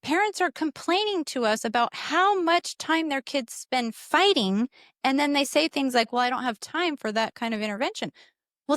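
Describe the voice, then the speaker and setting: A woman's voice: sits high, fairly bright tone, dry recording, studio quality. A woman co-hosting a parenting podcast in casual talk, direct and emphatic, jumping in to add points. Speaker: podcast co-host.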